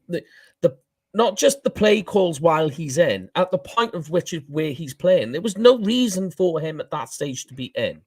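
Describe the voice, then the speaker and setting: Man, Welsh accent, animated sports chat, laughs at himself, dry close recording. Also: on the high side, breathy edge, no room sound. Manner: animated, self-deprecating, laughs at own slips. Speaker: co-host. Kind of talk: casual sports podcast chat.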